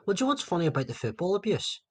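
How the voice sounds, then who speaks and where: Husky Northern Irish man, sweary banter. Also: high voice, very animated, very fast. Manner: sweary, banter-heavy storytelling. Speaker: podcast co-host. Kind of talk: casual chat between mates.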